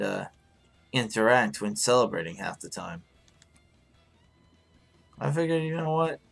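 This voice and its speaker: A man hosting a live stream in casual chat, hoarse and rambling, swearing freely as he answers his viewers. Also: fairly low pitch.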